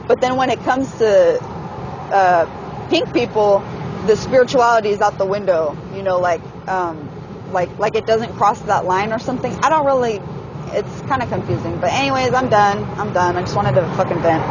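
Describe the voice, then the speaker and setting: A woman's voice: mid-range voice, moderate pace, dull audio, noisy background. A young woman venting in a casual, frustrated monologue, swearing often and filling her talk with "like". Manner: frustrated, profane, heavy use of "like". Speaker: person venting in a voice message.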